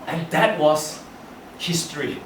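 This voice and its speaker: A young man with a fairly high voice takes his time with a humorous prepared speech at a club meeting, chuckling through self-focused stories. The audio is distant, echoey and noisy.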